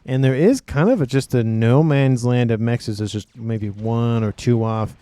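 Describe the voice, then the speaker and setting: Upbeat male game caster, crisp dry voice. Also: mid-range voice, unhurried, dark tone, no echo. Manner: upbeat, chatty, thinks aloud with fillers. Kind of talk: game commentary.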